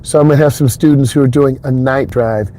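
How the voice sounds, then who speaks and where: A man's voice: medium pitch, steady tone, brisk, mellow, a little hiss or hum. A man who teaches driving, chatting casually and rambling to the viewer while he drives, recorded in his car on a clip-on mic. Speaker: driving instructor. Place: inside a car on an expressway. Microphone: wireless clip-on mic into a phone.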